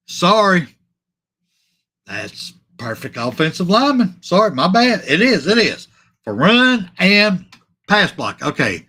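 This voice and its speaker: A man with a drawl hosts a casual sports talk stream, reacting to viewer comments. His voice sits a little high and sounds bright and forceful. He talks in animated bursts, repeats his points and keeps apologizing mid-sentence. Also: slow, slightly rough. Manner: animated and repetitive, trailing off and apologizing. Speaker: sports talk show host.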